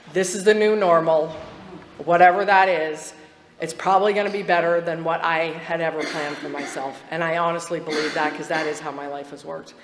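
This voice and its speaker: A woman speaking at a recovery meeting, sharing her story candidly with frequent laughs. Her voice rings through a large, echoey hall with long reverb. A faint hum of background noise sits underneath her. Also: lowish voice. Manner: candid, chatty, laughs often, restarts sentences. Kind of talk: personal testimony at a twelve-step meeting.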